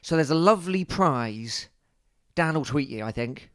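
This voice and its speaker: A man's voice: on the high side, lively intonation, normal speed, fairly bright tone, no room sound. Jokey male podcast co-host, dry sound. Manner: jokey, playful banter. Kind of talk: casual chat.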